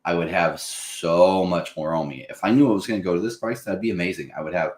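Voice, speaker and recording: A man hosting a casual talk about investing, animated and quick to act out panicked buyers in a higher voice. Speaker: crypto channel host. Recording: roomy echo.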